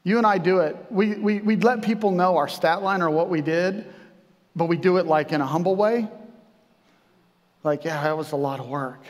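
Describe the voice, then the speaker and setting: A male pastor preaching a sermon in a loose, conversational way, tossing in jokes and asides. His voice sits fairly high for a man. The sound rings with the long reverb of a church hall. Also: moderate pace. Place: church sanctuary.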